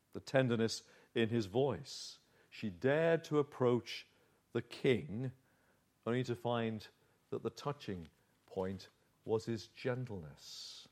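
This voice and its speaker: A man with a medium-pitched, slightly mellow voice works through a Bible passage in an expository sermon, retelling it as a vivid story and posing rhetorical questions.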